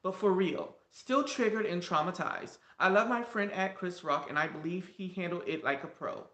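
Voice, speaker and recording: A man doing a mocking impression of a self-absorbed woman celebrity, in a quieter put-on voice. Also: high-pitched, normal speed, roomy sound, voice pushed up.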